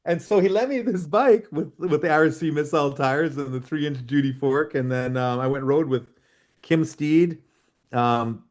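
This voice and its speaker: A middle-aged man from Canada, a freeride mountain biker telling lively stories as a podcast guest over a video call and acting out the dialogue. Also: a little high, normal speed. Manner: animated storyteller, acts out quoted dialogue. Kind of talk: casual storytelling interview.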